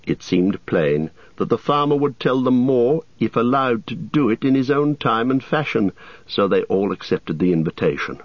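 A man narrating an audiobook in a measured, expressive storytelling manner. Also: mid-range voice, no room sound. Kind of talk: audiobook reading. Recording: dull, dry close-mic audio.

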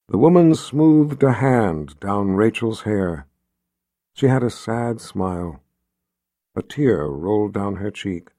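A man narrating an audiobook in a calm, expressive storytelling manner. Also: on the low side, a little slow, dry recording, clean studio sound.

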